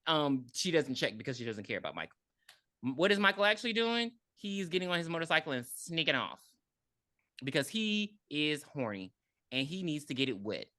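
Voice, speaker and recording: Brief: lively, bright-voiced woman, low-pitched, casual and cussing, dry close sound. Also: fairly quick, no echo. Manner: animated, profane storytelling. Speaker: podcast co-host. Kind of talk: casual movie recap.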